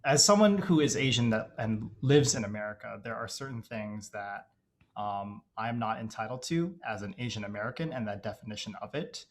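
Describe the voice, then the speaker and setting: Podcast guest: young man raised in Dubai, lowish voice, thoughtful and halting, lots of "like" and "you know.". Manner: hesitant, reflective, heavy use of "like" and "you know". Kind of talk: casual podcast interview.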